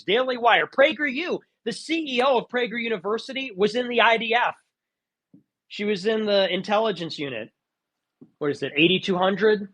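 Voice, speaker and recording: A man's voice: high voice, fairly bright tone. A man giving a heated, argumentative monologue in a live audio chat room, pressing his points insistently. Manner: argumentative and insistent, with mocking put-on quotes.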